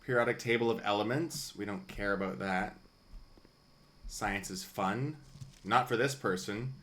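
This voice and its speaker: A man streaming a video game live, chatting casually and thinking out loud with wry asides. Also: on the low side, a little fast.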